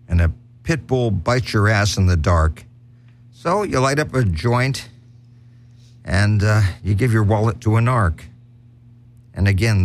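Male comedy host, rhyming puns, halting restarts, slow unhurried delivery. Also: on the low side, a little hiss or hum. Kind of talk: comic monologue.

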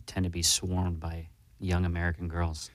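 Guest guy from portland, low voice, jokes and trails off, dry studio sound. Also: completely flat delivery, moderate pace, no room sound. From Portland, Oregon. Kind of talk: casual chat.

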